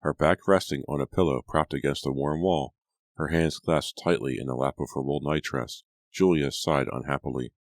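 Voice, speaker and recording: A man narrating an audiobook in a steady, even storytelling manner. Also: rumbling low, normal speed, dry recording, studio quality. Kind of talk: scripted narration.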